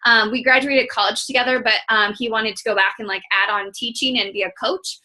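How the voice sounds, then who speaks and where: Young woman coach from Iowa, chatty and candid, bright and fairly high voice, team-call pep talk full of fillers. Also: fairly even intonation, brisk. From Iowa, United States. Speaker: fitness coach.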